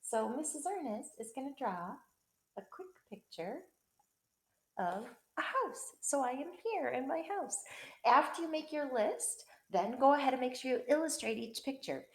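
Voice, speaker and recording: A woman teacher talks young pupils through a remote lesson, narrating as she writes and sketches. Her slightly high voice bounces up and down in pitch, warmly encouraging. The sound carries the echo of a bare room. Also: animated, moderate pace. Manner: encouraging, talks while drawing and pointing. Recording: echoey room.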